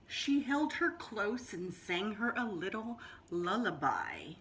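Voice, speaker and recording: A woman teacher reading a picture book aloud to children, explaining words as she goes, with drawn-out storybook phrasing and sudden high exclamations. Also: very animated, a bit bright, a little hiss or hum.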